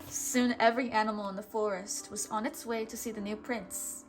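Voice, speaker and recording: A woman hosting a channel and reading a children's storybook aloud, slow, clear and expressive. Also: medium pitch, soft background music. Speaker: storybook reader, channel host.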